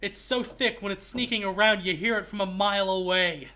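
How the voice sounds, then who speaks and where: A man's voice: sits high, fairly quick, bright, forceful tone. A man hosting a gaming stream, chatting casually and rambling through jokes. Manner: rambling, joking, restarts phrases. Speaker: streamer host.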